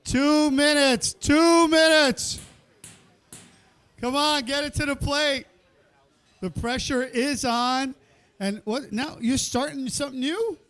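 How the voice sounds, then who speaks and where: His voice is extremely high in pitch, measured in pace, and fairly bright. The man emcees a live cooking contest in an indoor kitchen venue, giving play-by-play, running the countdown, and joking chattily with chefs and the cheering crowd.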